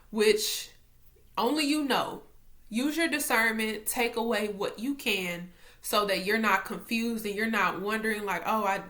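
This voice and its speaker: A young woman, talking to camera at home about faith in a chatty, animated way. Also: medium pitch. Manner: animated, excitable, chatty, talks straight to viewers. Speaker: faith vlogger. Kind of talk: casual faith talk to camera.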